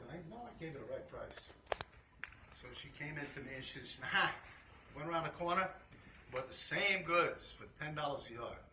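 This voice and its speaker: A man shows students his fabrics, chatty and full of repeated anecdotes. He is picked up from some distance in an echoey shop with a busy hum behind him. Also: mid-range voice. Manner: chatty storytelling, repeats himself. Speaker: fabric shop owner teaching a class. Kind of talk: informal hands-on demonstration. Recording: roomy, distant mic, noisy shop.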